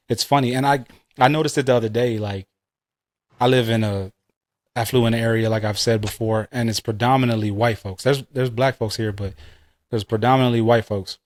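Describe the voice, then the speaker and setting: A man's voice: fairly low pitch, dry recording, clean studio sound. A man co-hosting a podcast, telling a story in loose, profane casual chat that wanders into tangents. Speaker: podcast co-host.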